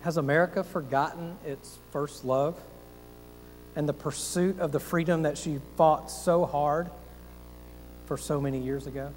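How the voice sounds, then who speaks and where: Male pastor, folksy sermon voice, slightly high, heard in a long-reverb church hall. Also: fairly even intonation, a little slow, slight background noise. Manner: earnest, folksy, rhetorical questions, self-deprecating asides.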